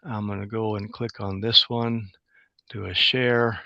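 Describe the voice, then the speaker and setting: A man giving a relaxed, plain-spoken webinar presentation as a guest engineer over a video call. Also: on the low side, measured pace, gravelly, dry recording, highs cut off. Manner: plain, relaxed, narrates his screen sharing. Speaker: guest speaker, utility engineer.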